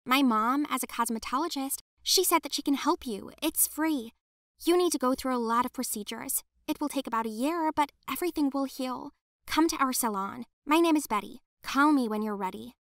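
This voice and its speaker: A woman's voice: high voice, a little fast, fairly bright tone, no echo, clean studio sound, voice pushed up. A woman voicing a remorseful teenage girl who earnestly pleads to help.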